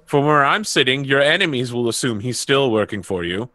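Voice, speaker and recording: A man voicing a calm, sly noble courtier who reasons coolly in a tabletop game. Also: mid-range voice, a little fast, no room sound. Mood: reasoning.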